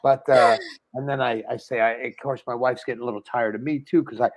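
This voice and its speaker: A middle-aged man, a comedian, telling stories on a live video call show, animated and acting out quoted voices with stammering restarts. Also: medium pitch, brisk. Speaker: guest co-host comedian.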